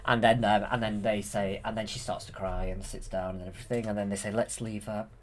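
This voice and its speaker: A man's voice: fairly low pitch, little pitch movement, fast, slight background noise. A man casually retelling a film from memory, hesitant, with many fillers and restarts. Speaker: channel host.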